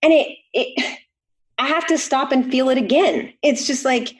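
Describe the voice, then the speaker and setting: A woman's voice: high-pitched, measured pace. A middle-aged woman, a chiropractor guest on a podcast, telling a personal story in an earnest way. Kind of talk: casual conversation.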